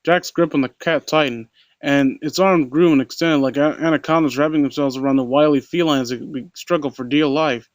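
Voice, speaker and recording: This man's voice sits on the high side, with a steady tone and a slightly fast delivery, recorded without echo at a close home mic. Narrating a horror story, he trips over lines, keeps starting over, and throws in sarcastic critiques as he reads.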